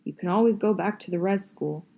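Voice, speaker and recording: A woman reading aloud and voicing a loving, worn-out father who speaks softly and tenderly to his son. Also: mid-range voice, a little fast, vocal fry.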